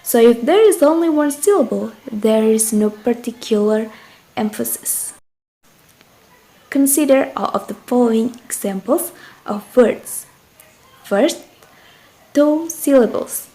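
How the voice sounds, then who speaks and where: Young woman, Indonesian accent, student presenter, patient lesson, mellow tone, slightly high. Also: animated, takes it slowly, pauses often, low-quality recording. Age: young adult. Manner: patient, addresses the viewer directly. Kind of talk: explanatory lesson.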